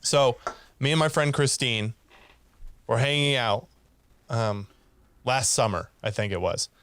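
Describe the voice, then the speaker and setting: Speaking a little slowly in a clean, medium-pitched voice, this man co-hosts a podcast. He retells a meandering story with laughter, voicing each side of an argument himself.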